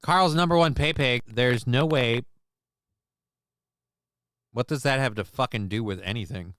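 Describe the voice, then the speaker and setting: A man's voice: medium pitch, measured pace, fairly bright tone, dry recording. A man hosting a casual livestream chat, with crude, mocking, profane banter. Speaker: show host.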